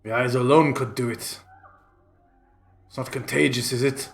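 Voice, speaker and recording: A man's voice: mid-range voice, steady tone, moderate pace, gravelly, close to an everyday voice. A man playing a suspicious male town gate guard who questions travellers bluntly, in a tabletop game. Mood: gruff.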